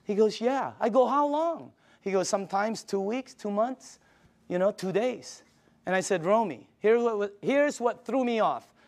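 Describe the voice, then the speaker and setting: An older man giving a sales pitch, enthusiastic and emphatic, telling stories to his audience. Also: expressive, unhurried, darkish tone. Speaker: sales presenter.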